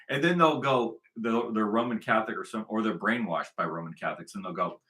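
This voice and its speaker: A man's voice: mid-range voice, lively intonation, a little fast, hardly any pauses, sharp tone. A man delivering a combative, repetitive commentary monologue, hammering his points with emphasis. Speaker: online commentator.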